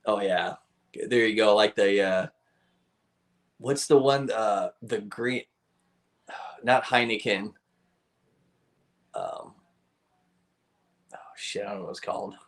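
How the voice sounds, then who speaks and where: A man's voice: fairly low pitch, takes it slowly, pauses often, fairly bright tone. A man hosting a live stream from home, talking loosely to his viewers. He rambles, laughs often and swears freely in an easy, casual chat.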